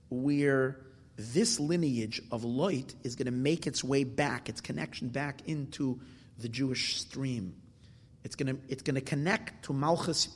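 A man teaches a Torah lesson in a husky, somewhat breathy voice. He poses questions and answers them himself, mixing Hebrew terms into his English. The sound carries a long reverb tail, as if recorded in a large hall. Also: medium pitch. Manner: explanatory, asks and answers his own questions; mixes Hebrew terms into English, with restarts and fillers. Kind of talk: Torah class explaining verses.

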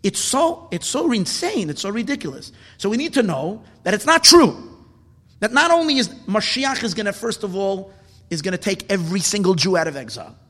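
A man giving an impassioned Torah talk as a rabbi, building at times to indignant shouts. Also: high voice, big pitch swings, fairly quick, long reverb tail.

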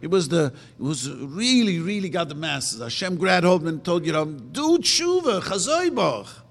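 A man preaches in a fairly high voice that leaps up and down with feeling. He presses his points with rhetorical questions and slows down to chant the verses. His voice rings out in a hall with a long reverb. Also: lively intonation, gravelly. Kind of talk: sermon.

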